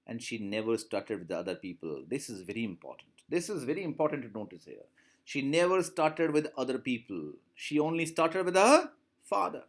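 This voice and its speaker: A man teaching in Indian English, explaining a short story to students, repeating lines and asking questions. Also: mid-range voice. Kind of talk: classroom lesson explaining a story.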